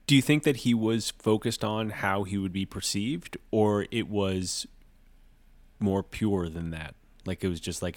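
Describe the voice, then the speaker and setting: A man hosting an interview podcast, asking measured, probing questions. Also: on the low side, dry recording. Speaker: podcast host.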